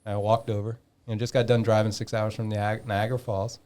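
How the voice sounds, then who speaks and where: A man in his fifties telling a long story in a casual podcast chat, animated, swearing freely and acting out the dialogue. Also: lowish voice, brisk. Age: 50s. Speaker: podcast guest.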